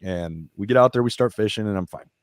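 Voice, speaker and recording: A man's voice: on the low side, fast talker, no echo, studio quality. A man, a veteran who founded a nonprofit, talking as a podcast guest in a casual, candid way, profane and emotional as he retells his stories. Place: podcast studio.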